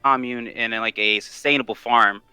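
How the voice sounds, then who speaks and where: Upbeat male guest, bright and clear, tripping over his words. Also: medium pitch, steady tone, moderate pace, no echo, faint music behind, poor audio. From Washington state, USA. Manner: enthusiastic, laughs often, stammering restarts. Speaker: guest, tabletop content creator. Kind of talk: casual interview chat.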